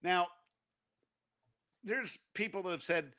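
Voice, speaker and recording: A man co-hosting a podcast, chatting casually and telling stories in a profane, deadpan way. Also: fairly low pitch, brisk. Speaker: podcast co-host. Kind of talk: casual chat.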